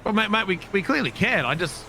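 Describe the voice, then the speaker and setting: A man's voice: sits high, sing-song, fairly quick, creaky, pushed and bright, slight background noise. A man talking in character in a roleplay game, defensive and exasperated. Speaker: roleplay player.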